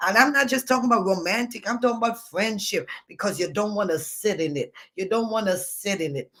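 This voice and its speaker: High-voiced man preaching online. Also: a little fast, bright, forceful tone. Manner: repetitive, call-and-response preaching to online viewers. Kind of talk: livestreamed sermon.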